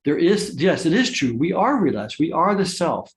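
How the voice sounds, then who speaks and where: A man giving a spiritual satsang talk, telling personal stories with soft laughs and frequent restarts. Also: on the high side, big pitch swings, moderate pace. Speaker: spiritual teacher.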